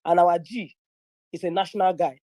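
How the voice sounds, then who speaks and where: Speaking through a phone or headset in an online audio room, a young woman from northern Nigeria with a Nigerian English accent tells a chatty, animated story as a guest, switching into pidgin and acting out quoted voices. Her voice is lowish, her pace moderate, and there's no echo.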